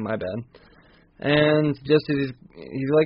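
A man's voice: medium pitch, expressive, takes it slowly, pauses often, slightly rough. Profane, rambling man on a lo-fi mic. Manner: rambling, swears a lot, acts out characters. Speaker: podcast host recapping a comic. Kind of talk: casual profane recap.

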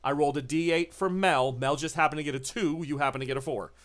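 A game master slowly narrating a horror tabletop game with deliberate, ominous description. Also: medium pitch.

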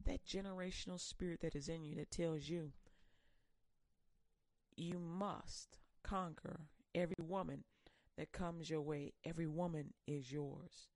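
A woman preacher delivering a fiery sermon, swinging between loud pushes and hushed warnings. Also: low-pitched, fairly even intonation, measured pace, no room sound.

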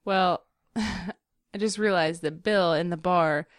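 A woman's voice: on the low side, takes it slowly, clear, resonant tone, dry recording, clean studio sound. A woman co-hosting a casual TV recap podcast, laughing often and giving blunt, wry opinions. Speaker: podcast co-host.

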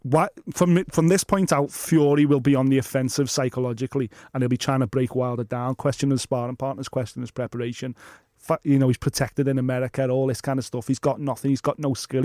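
A man co-hosting a boxing podcast, talking fast and sweary, acting out little scenes in funny voices. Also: mid-range voice, warm tone, dry recording, studio quality. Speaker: podcast co-host. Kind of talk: casual boxing chat.

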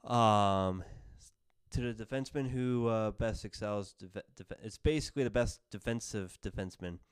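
Podcast host guy, low smooth voice, lots of uhs and restarts, dry close sound. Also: moderate pace, no echo. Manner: rambling, lots of fillers and self-corrections. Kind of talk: casual sports podcast chat.

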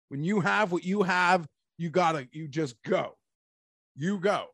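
A man hosting a casual sports talk show, animated and rambling, talking like an emphatic fan. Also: high voice, moderate pace, no room sound, clean studio sound. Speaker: sports podcast host.

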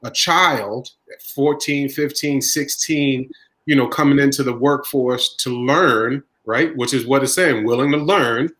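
A man who runs a family deli, holding forth in a relaxed podcast chat. He talks at a medium pitch and hammers his points home by repeating them. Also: measured pace, low-quality recording. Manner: emphatic, repeats points for stress. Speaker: deli owner, podcast host. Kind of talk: casual podcast discussion.

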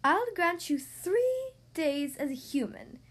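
A woman voicing a scheming, evil female sea witch in a storybook reading, drawn-out and gloating. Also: very high-pitched, very animated, full character voice.

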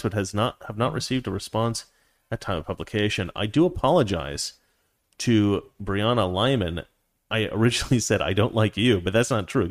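A man hosting a casual livestream, reading viewer comments and chatting in a rambling, self-correcting way with frequent laughs. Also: on the low side. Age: adult, past his teens.

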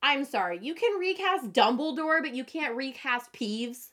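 A young woman co-hosting a casual book chat, animated and laughing, with many fillers. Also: sits high, moderate pace. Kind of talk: casual chat about books.

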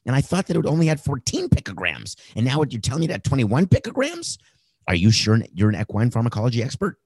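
A man's voice: medium pitch, huge pitch swings, fast talker, darkish tone, husky, no room sound, pitched above the performer's own voice, heavily acted. A man voicing a folksy male horse trainer who feigns innocence in a rambling mock phone call. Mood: playing dumb.

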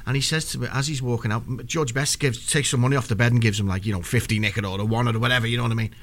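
Fast-talking man telling a story. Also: mid-range voice, fairly even intonation, fairly bright tone. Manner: rambling anecdotal storyteller, many restarts. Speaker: podcast co-host. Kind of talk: casual football chat.

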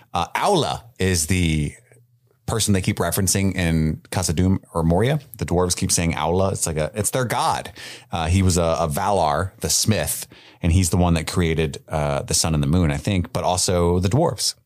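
A man's voice: sits low, normal speed. A man co-hosting a podcast, chatting casually about a fantasy series and joking around. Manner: animated, jokey, puts on silly voices for characters. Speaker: podcast co-host. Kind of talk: casual chat.

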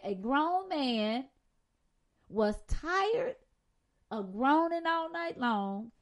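Slow-preaching woman with a higher voice. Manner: dramatic, swings between loud emphasis and soft reflection. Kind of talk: sermon.

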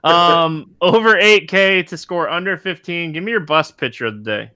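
A man hosting a casual sports podcast, relaxed and playful, with frequent ums. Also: a little high, normal speed. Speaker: podcast host.

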